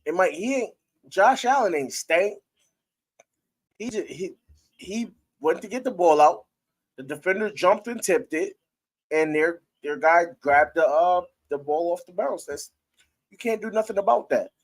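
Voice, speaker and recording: A man's voice: sits high, animated, unhurried. A man hosting a casual live-stream sports talk show, talking loosely with his viewers and breaking into laughter.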